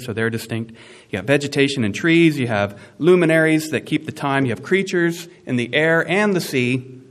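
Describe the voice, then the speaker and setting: A man preaching a sermon, animated and conversational, with asides and emphatic rising peaks. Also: mid-range voice. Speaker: pastor.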